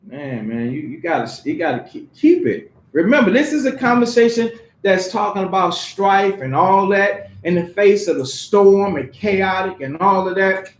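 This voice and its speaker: High-voiced man preaching in an echoey hall. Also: animated, moderate pace, few pauses. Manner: conversational, street-casual preaching with acted voices and laughter. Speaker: pastor. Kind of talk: sermon with acted examples. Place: church hall.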